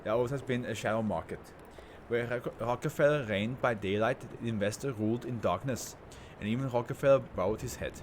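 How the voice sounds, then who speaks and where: A man's voice: mid-range voice, brisk, a little hiss or hum, close to an everyday voice. A man voicing an arrogant male tycoon who is a brain in a jar, speaking in a grandiose, contemptuous way. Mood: haughty.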